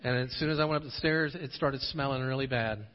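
A man preaching a sermon, at times pleading with rising intensity, at times telling a relaxed story. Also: medium pitch, brisk. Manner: passionate, swelling to pleading intensity in prayer passages. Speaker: pastor. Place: church sanctuary. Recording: dull audio with long hall reverb.

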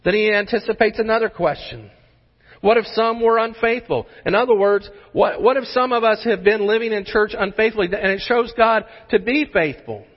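A man's voice: sits high, normal speed. A man preaching a sermon as pastor, emphatic and full of rhetorical questions. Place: church sanctuary. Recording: muffled sermon audio in a large hall.

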